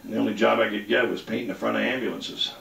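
A man's voice: fairly low pitch, level tone, fast, vocal fry, a bit bright. A man doing a rambling, crude stand-up set on a comedy club stage. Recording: roomy club sound, mic at a distance.

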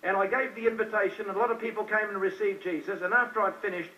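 A man's voice: high-pitched, fairly even intonation, fast, pushed and bright. A man preaching an evangelistic sermon to a hall, repeating himself and firing questions at the crowd. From New Zealand. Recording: distant, dull old live recording.

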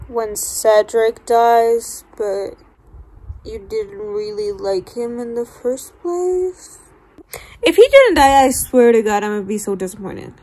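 A woman chatting in a casual vlog, animated and swearing freely as she reacts to a book. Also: a little high, slow. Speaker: book vlogger.

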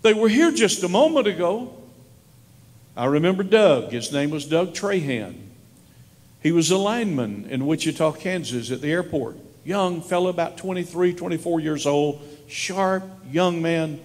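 A man preaching a sermon as a pastor, telling stories and moving from hushed, slow lines to raised ones. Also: a little high, expressive, long reverb tail. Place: church sanctuary.

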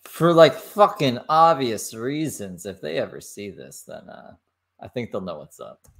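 A man's voice: mid-range voice, sing-song, unhurried, creaky, a bit bright. A man hosting a reaction commentary, cutting in with mocking, sarcastic remarks. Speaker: commentary host.

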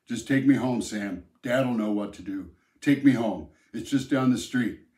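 A man's voice: mid-range voice, unhurried, warm tone, close to an everyday voice. A man reading the part of an injured teenage boy who sounds weak and pleading. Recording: roomy echo.

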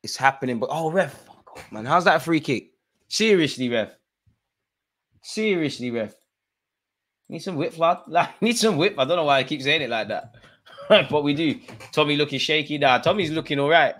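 A fan channel host runs a live football watch-along at normal speed. Excitable, he shouts loud encouragement and complaints at the players and referee, then drops to low, muttered asides between outbursts.

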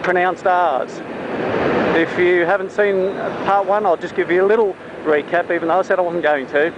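A man's voice: high-pitched, fairly even intonation. Australian man, casual jokey tutor, recorded in a car, dull lo-fi sound. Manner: chatty, self-mocking, drawn-out demonstration words. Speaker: vlogger teaching Australian pronunciation. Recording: muffled with loud traffic noise.

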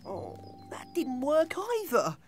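Brief: cartoon bear boy with hiccups, high and swooping, slow, gaspy, music behind. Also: sing-song, heavily acted. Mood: glum. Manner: gaspy, sing-song and easily startled. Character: friendly young bear boy, gentle and goofy. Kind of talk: cartoon voice acting.

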